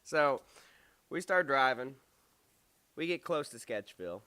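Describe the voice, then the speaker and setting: Young male storyteller, smooth resonant voice, medium pitch, animated, casual. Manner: animated, quotes others in quick put-on voices. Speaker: storyteller vlogger.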